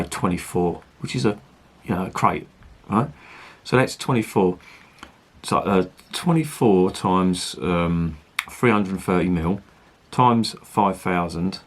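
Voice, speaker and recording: A man talks his way through a beer review in a casual, rambling manner and swears now and then. His voice is low and husky.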